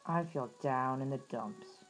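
A woman's voice: a bass voice, measured pace, faint music behind, voice pushed down, rough recording. A woman voicing a lazy, grumbling male toad in a children's storybook read-aloud, whiny and fond of putting things off. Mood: earnest.

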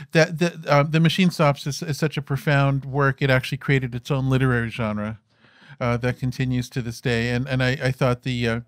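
A man's voice: mid-range voice, no room sound, studio quality. A man in his fifties, an interview guest telling stories in a rambling way, with many restarts and fillers. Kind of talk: conversational storytelling on stage.

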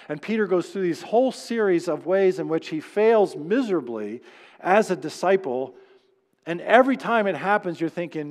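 A man's voice: high-pitched, lively intonation, normal speed, a little mellow, in a large hall. A man preaching a sermon as pastor, telling stories in a conversational way and acting out the people he quotes. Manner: conversational storytelling preacher, acts out quoted voices. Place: church sanctuary.

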